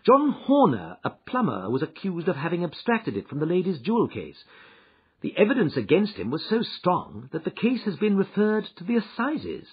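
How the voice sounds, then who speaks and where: Brief: male narrator doing a shrewd lecturing detective, husky, slightly high, in a dull lo-fi recording. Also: wildly swooping pitch, full character voice. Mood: grave. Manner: brisk, lecturing, precise. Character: shrewd confident male detective, middle-aged. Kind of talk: audiobook character reading. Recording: dull, muffled audio.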